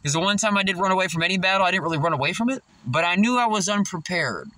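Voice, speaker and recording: A man's voice: high-pitched, racing, sharp tone, no echo. A stoned man rambling loosely to the camera in a casual vlog, laughing often and drifting off topic. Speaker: vlogger.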